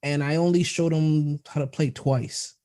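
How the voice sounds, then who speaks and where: Young male podcast guest, mellow and slightly high voice, enthusiastic and quick to laugh. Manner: enthusiastic storyteller, laughs a lot, animated quoting of others. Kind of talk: casual interview chat.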